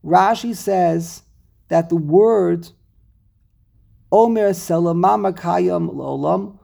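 Gravelly man teaching a text lesson. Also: high-pitched, slow, long pauses. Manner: animated, rhetorical questions, reads Hebrew terms aloud. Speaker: Torah teacher.

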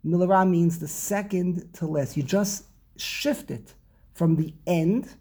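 A man teaching an informal Torah class, explaining slowly and often repeating and restarting his words. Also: sits high, dark tone, slightly rough.

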